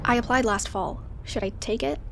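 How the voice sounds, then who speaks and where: A woman's voice: fairly high pitch, normal speed, gravelly, fairly bright tone, slight background noise. An actress playing a restless, unsure young woman, speaking hesitantly. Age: young adult. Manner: hesitant, self-doubting.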